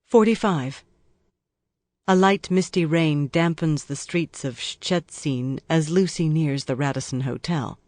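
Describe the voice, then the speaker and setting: An audiobook narrator reading a crime thriller in a measured, even storytelling manner. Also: mid-range voice, no room sound.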